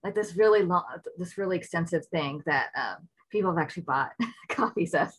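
A woman with a fairly low voice tells a fan story in casual interview chat. She rambles eagerly, restarting her sentences often. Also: animated, fairly quick, slightly rough, low-quality recording. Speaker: fan recounting meeting an actor.

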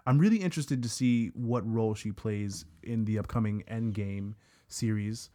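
A man's voice: on the low side, normal speed, mellow. A man co-hosting a casual podcast, talking in rambling stretches with stammered restarts. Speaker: podcast co-host.

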